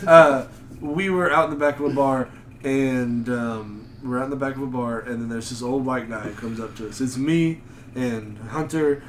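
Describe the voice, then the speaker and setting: A man's voice: medium pitch, normal speed, a little hiss or hum. A man, co-hosting a podcast, telling a rambling, profane story with lots of fillers. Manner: rambling, swearing, laughing. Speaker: podcast co-host. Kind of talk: casual storytelling banter.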